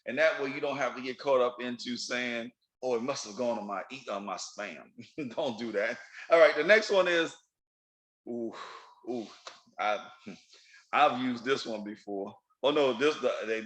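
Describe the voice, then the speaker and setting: A man's voice: medium pitch, a bit bright, low-quality recording. A middle-aged man hosting his own podcast, talking casually and playfully and laughing often. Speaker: podcast host. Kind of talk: casual solo podcast monologue.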